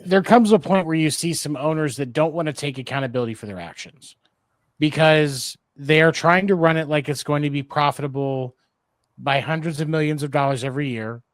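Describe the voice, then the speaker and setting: A man's voice: a little high, no room sound. A man co-hosting a sports podcast in casual chat, matter-of-fact and citing numbers. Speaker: podcast co-host.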